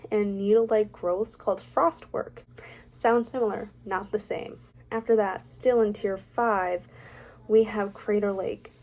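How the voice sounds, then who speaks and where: A young woman with a mid-range, darkish voice vlogs casually, ranking things as she reads facts aloud. She adds chatty, opinionated, self-mocking asides.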